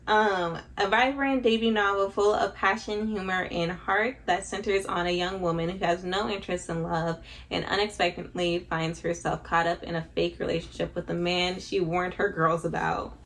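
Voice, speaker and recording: A young woman vlogging casually about a book, excitable and dramatic, with bursts of laughter and squeals. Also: on the low side, normal speed. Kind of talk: casual reading vlog chat.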